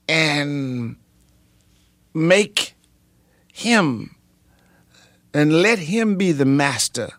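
A pastor and singer telling his story in a radio interview, animated and repetitive, with many pauses and ums. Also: medium pitch, no echo, studio quality.

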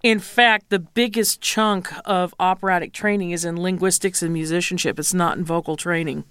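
A woman's voice: fairly low pitch, steady tone, moderate pace, fairly bright tone, smooth, dry recording, clean studio sound. A woman opera singer as an interview guest, frank and teasing as she coaches pronunciation. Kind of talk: casual interview.

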